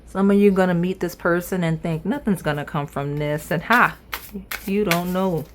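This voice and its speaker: Low-voiced woman reading tarot. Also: fairly quick, a little hiss or hum. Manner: chatty, playful, talks straight to viewers. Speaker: tarot reader. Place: indoors at a table.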